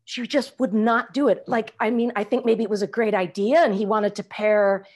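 A middle-aged woman talking casually on a video call as an interview guest, animated and acting out quoted lines. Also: mid-range voice, moderate pace. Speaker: actress guest.

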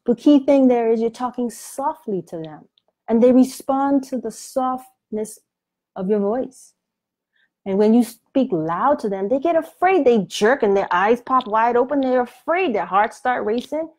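A woman's voice: on the high side, mellow. Colloquial preaching woman. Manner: colloquial, emphatic preaching with informal grammar. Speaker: Christian author and Bible teacher. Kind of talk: preaching video.

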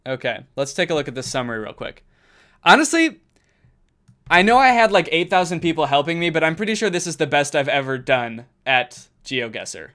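A man streaming from a carpeted room at home, chatting casually with his viewers while he plays, and bursting into loud exclamations when he gets excited. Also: medium pitch, brisk, few pauses. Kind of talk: casual live-stream chat while gaming.

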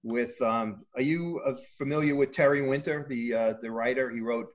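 A man's voice: mid-range voice, normal speed, dull audio. A man talking as a guest author in a casual interview, hesitating often with ums.

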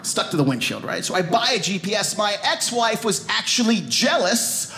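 Lively high-voiced man doing stand-up. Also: normal speed, gravelly, faint music behind. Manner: animated, emphatic storytelling with rising pitch. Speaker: stand-up comedian. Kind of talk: stand-up comedy routine. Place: comedy club stage before a live audience.

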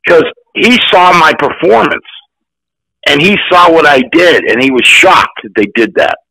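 A man in his sixties, an actor guest, telling profane, animated stories in casual chat. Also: fairly high pitch, a little slow, creaky, no room sound, rough recording. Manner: profane, animated, acts out quotes. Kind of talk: casual storytelling.

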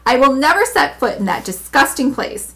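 A woman's voice: high voice, big pitch swings, normal speed, vocal fry, fairly bright tone, pitched above the performer's own voice, full character voice. A woman reading aloud, voicing a refined, decisive woman who refuses firmly. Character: refined, firm, sharp-witted woman.

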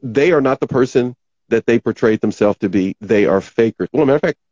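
A man hosting a talk show, rambling casually as he reads out viewer comments, his voice going hoarse. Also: mid-range voice, lively intonation, brisk, darkish tone, no room sound, highs cut off. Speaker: podcast host.

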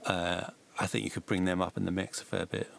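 A man, working as a mastering engineer, giving relaxed, hedged feedback on music mixes. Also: deep voice, brisk, gravelly, a little hiss or hum. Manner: relaxed, hedging suggestions. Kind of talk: casual spoken feedback.

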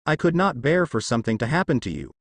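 A man voicing a young woman ninja who is fierce yet gentle and protective, read as a fanfiction audiobook. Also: medium pitch, very animated, fast talker, breathy edge, no echo. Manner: protective, teasing.

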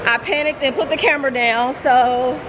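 A woman vlogging casually, chatty and excitable, talking straight to her viewers while out at a mall. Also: high-pitched, normal speed, muffled recording, background noise. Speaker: beauty vlogger. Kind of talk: casual vlog chat to camera. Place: out and about in a mall and car.

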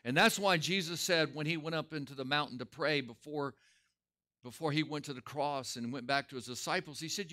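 A man's voice: fairly high pitch, fairly quick, bright, forceful tone. A man, a pastor, preaching a Sunday school lesson with emphatic, storytelling delivery. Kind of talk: sermon.

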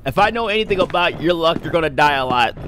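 A man's voice: on the high side, lively intonation, fast talker, fairly bright tone, slight background noise. A young man livestreaming a game, chatting casually, greeting viewers by name and reacting jumpily. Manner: hyped, greets chat by name, jumpy reactions. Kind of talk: casual gaming commentary.

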